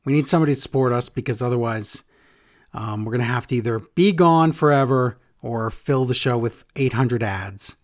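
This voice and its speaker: Man, podcast co-host, sarcastic and fed up, medium pitch, sneering asides. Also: a little fast. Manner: sarcastic, exasperated, mocking impressions. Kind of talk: casual chat recapping wrestling.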